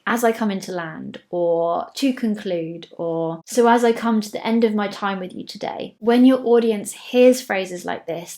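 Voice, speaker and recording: An English woman presenting public speaking tips to camera in a clear, measured, scripted delivery that slows down for each key tip. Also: medium pitch, darkish tone.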